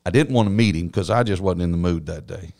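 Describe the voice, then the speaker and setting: In an interview, a church business administrator shares his personal testimony in a very low, darkish voice with vocal fry. He talks quickly, and his storytelling comes across as earnest and reflective, like someone who serves on a church staff.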